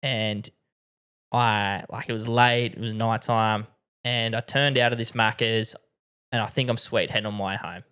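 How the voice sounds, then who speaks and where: A man's voice: on the low side, steady tone, moderate pace, sharp tone, smooth. A young Australian man hosting a podcast, telling stories in a casual chat with lots of swearing and slang. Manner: laid-back storytelling, heavy swearing and slang. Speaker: podcast host.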